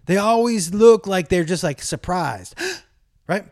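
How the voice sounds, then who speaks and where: A man's voice: sits high, expressive, slow pace, darkish tone. A middle-aged man telling a comic rant to camera, profane and exasperated as he tells a story.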